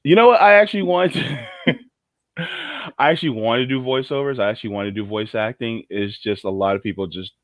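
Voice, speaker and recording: A man's voice: medium pitch, a little fast, no room sound. A man co-hosting a casual livestream chat, rambling and jokey with many restarts. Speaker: co-host. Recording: muffled lo-fi audio.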